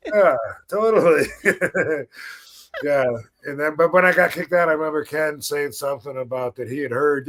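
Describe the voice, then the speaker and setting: A man's voice: on the high side, normal speed, a bit bright. A man hosting a podcast, telling a story in a laid-back, casual way, swearing freely and laughing now and then. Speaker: podcast host.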